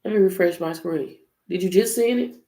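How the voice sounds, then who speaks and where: A woman does a loose, chatty tarot reading on a live stream, speaking right to her viewers and swearing without restraint. Her voice is fairly low and dark-toned, a little fast, and the room sounds echoey with faint noise.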